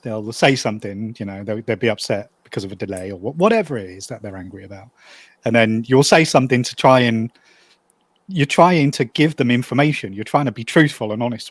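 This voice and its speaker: A man working on a railway station, chatting casually with dry humor and relaxed swearing. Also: mid-range voice, brisk, slightly rough, no echo. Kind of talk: casual chat.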